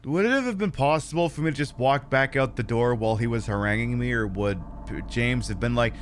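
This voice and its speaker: A man's voice: mid-range voice, brisk, slight background noise. A man streaming a video game, giving casual, rambling commentary full of sarcastic jokes and swearing.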